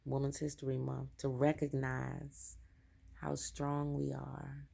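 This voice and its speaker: A woman with a low, gravelly voice reads tarot cards for her viewers. She talks slowly and gently in a spiritual tone, with a mellow, warm sound and soft laughs between messages. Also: monotone. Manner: slow, gentle and spiritual, reading card texts aloud with soft laughs. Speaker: tarot reader. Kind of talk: collective energy tarot reading.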